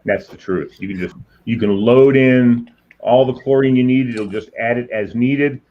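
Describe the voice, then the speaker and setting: A man hosts a casual group video chat at a medium pitch and moderate pace, joking and chatting with playful asides. The recording has a dull, lo-fi quality with faint noise.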